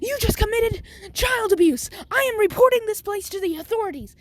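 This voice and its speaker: A furious mother, put on by a woman storyteller, shrieks her accusations. Her voice is pitched high and animated. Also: a little fast.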